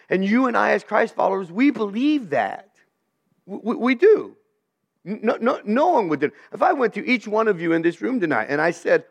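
Older man, pastor, sermon, earnest, fairly high voice, stammering repeats. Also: very animated, normal speed, vocal fry. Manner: earnest, stammers and repeats words while building points. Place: church room with a live audience.

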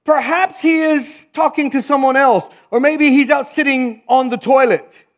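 A defiant male prophet mocks his rivals in a taunting, sarcastic voice, as a preacher puts him on. The voice sits high and ringing, lifted well above the speaker's usual register. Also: steady tone, normal speed. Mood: mocking.

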